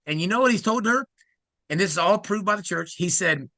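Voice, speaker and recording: A middle-aged man from Ohio, excitedly telling his conversion story as an interview guest and acting out the quoted speech of others. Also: high voice, no echo. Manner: excited, acts out quoted speech, fast asides.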